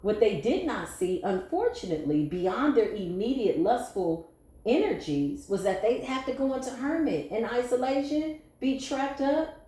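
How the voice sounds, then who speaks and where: A woman's voice: a little high, animated, normal speed, dark tone, echoey room. A woman giving a tarot reading to a collective audience, blunt, sassy and playful, with some cursing. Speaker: tarot reader.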